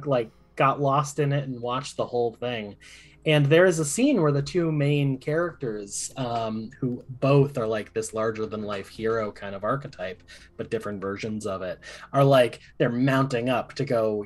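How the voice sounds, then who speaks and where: Man rambling through an amused anecdote. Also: fairly low pitch. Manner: rambling, amused anecdote, chuckles while talking. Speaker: tabletop game player. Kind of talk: casual storytelling on a game stream.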